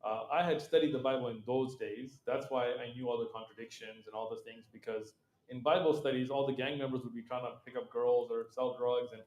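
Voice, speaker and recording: A middle-aged man tells stories as an interview guest, animated and casual, and he slips into quoted voices with frequent laughs. His pitch sits in an ordinary middle range. The room around him is noticeably echoey. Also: fairly quick, highs cut off.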